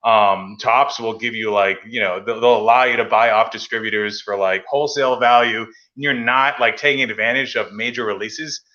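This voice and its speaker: A man's voice: mid-range voice, steady tone, normal speed, few pauses, sharp tone, muffled recording. A man from Massachusetts hosting a casual hobby chat, telling stories and acting out quoted phone calls. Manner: chatty storyteller, acts out quoted phone calls. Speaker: podcast host.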